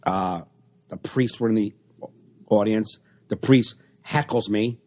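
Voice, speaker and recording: A man's voice: fairly low pitch, slow. A man, a stand-up comedian, telling stories in a casual podcast chat over a video call and acting out the exchanges. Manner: animated storyteller acting out exchanges.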